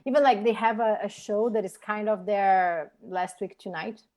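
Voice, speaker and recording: A woman's voice: mid-range voice, steady tone, moderate pace, darkish tone. A woman from Brazil, a native Portuguese speaker with a Brazilian accent, chatting as a podcast guest in a thoughtful, hesitant way as she searches for words. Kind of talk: casual chat.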